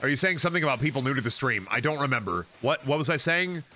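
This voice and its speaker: A young man streaming a game, rambling through jokey, profane asides and breaking into sudden yelled outbursts. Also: mid-range voice, animated, fast, slight background noise. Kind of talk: casual gameplay commentary.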